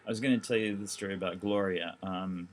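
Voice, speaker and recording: A man's voice: sits low, fairly even intonation, quick pace. A seriously ill man talking casually to the camera, rambling and heartfelt with lots of fillers. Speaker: documentary vlogger.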